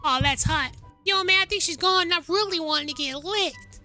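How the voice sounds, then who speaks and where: A woman with a very high voice banters over a shared game, teasing her friends with dry jabs. Game music is clearly heard behind her. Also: moderate pace, pushed and bright. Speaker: gaming co-player. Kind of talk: playful gameplay banter.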